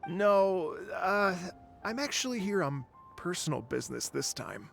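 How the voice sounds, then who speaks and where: A man's voice: high voice, very animated, measured pace, vocal fry, a bit bright, soft background music, heavily acted. An actor playing an apologetic, hesitant male tour organizer in a video game.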